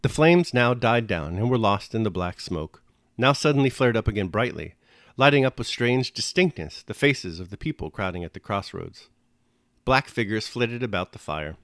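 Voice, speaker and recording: A man with a low voice reads a classic novel aloud at a measured pace, giving each sentence an expressive lift. The recording is close and dry, with no room echo. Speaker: reader and commentator. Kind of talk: audiobook reading and reflection.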